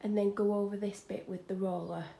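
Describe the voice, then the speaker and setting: Gravelly-voiced woman vlogging. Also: medium pitch, level tone, brisk. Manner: chatty, frank, drops into soft whispered asides. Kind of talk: casual home vlog chat. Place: room at home being decorated.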